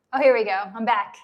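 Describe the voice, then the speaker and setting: Reading viewer comments on her live unboxing stream, a livestream host in her thirties chats casually and sounds nostalgic and enthusiastic. Her voice, a little high, is growing slightly hoarse as it starts to give out.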